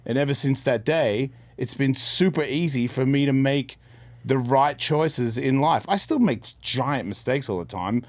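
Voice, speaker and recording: Speaking unhurriedly at a medium pitch with no echo, a middle-aged podcast co-host opens up about a personal story. The talk is earnest, casual, and rambling, and he repeats and restarts words mid-sentence.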